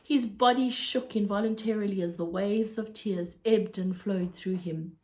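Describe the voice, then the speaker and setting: A woman narrating a children's storybook aloud in a steady, clear storytelling manner. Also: medium pitch, unhurried.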